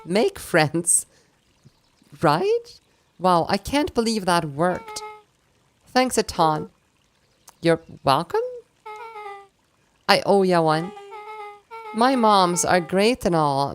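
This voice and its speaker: A woman streaming a story game, reading every character's lines aloud in playful voices and laughing between them. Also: lowish voice.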